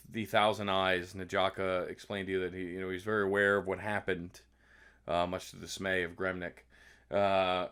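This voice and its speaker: A man with a very low, deep voice runs a tabletop game as its game master. He recaps the story so far in a loose, halting way, pausing often on ums and uhs as he feels his way through the narration. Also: a bit bright, smooth.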